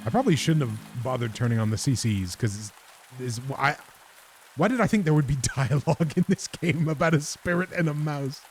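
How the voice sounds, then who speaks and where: A man's voice: medium pitch, animated, moderate pace, soft background music. A man giving casual, rambling let's-play commentary, often laughing at himself. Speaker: game streamer.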